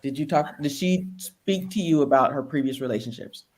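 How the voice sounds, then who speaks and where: A woman's voice: low voice, normal speed, darkish tone. Woman host putting a question to a panelist. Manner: asks long questions with restarts. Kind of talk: hosting a panel discussion.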